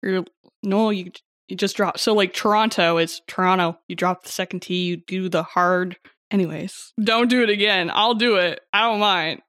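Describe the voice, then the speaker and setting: A woman's voice: lowish voice, normal speed, fairly bright tone, no echo. Rambling woman podcaster, dry close sound. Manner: rambling, self-deprecating, restarts. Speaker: podcast co-host. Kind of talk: casual podcast chat.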